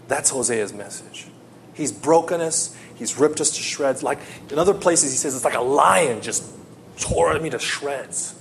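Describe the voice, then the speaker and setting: A man preaching a sermon, telling a personal story and swinging between loud pleading and hushed tones. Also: medium pitch, expressive, a little slow, gravelly, a little hiss or hum.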